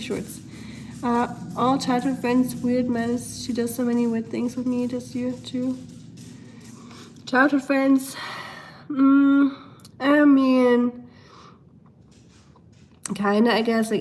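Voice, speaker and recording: A young German woman with a German accent, a bit hoarse from a cold, chatting casually on a home live stream, reading viewer comments and talking to her pets. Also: on the high side, a little mellow, slight background noise. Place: at home, indoors.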